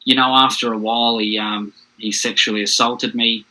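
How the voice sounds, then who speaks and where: A man's voice: medium pitch, little pitch movement, moderate pace, bright, forceful tone, rough recording. An Australian man, a podcast guest, telling his own hard story in a frank, plain-spoken way. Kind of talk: candid personal storytelling.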